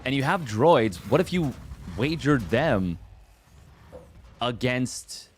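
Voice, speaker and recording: A man's voice: medium pitch, expressive, takes it slowly, slight background noise. A man voicing a naive young boy, whiny and full of questions, in a retold comic scene. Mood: questioning.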